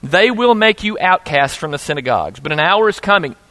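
A man preaching a sermon as pastor, reading scripture and telling an animated story with frequent restarts. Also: a little high, brisk, no room sound.

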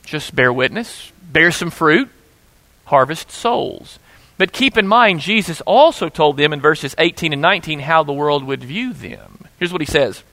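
A man preaching a sermon as pastor, reading scripture and telling an animated story with frequent restarts. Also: on the high side, no echo.

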